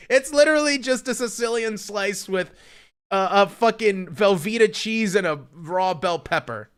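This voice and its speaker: Bright-voiced swearing young streamer. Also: male voice, high-pitched, expressive, moderate pace, clear, resonant tone. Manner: profane, mocking, incredulous. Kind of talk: casual livestream rant.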